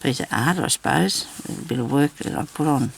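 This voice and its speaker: A woman's voice: low voice, brisk, creaky, a little hiss or hum. A woman vlogging a crafting demonstration, rambling and chatty as she talks straight to her viewers.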